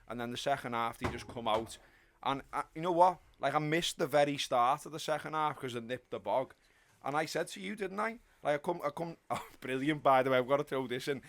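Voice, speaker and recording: A man's voice: a little high, a bit bright. A man giving a chatty, sweary reaction in a post-match football chat. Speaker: podcast panelist.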